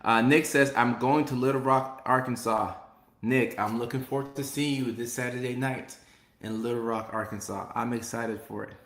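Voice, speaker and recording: A man's voice: medium pitch, fairly even intonation, moderate pace, fairly bright tone. Upbeat male comedian hosting a casual live chat, mid-range voice, repeats himself, recorded in an echoey room. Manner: upbeat, repeats phrases, reads chat aloud. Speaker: live stream host and comedian. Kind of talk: casual live stream chat, reading comments.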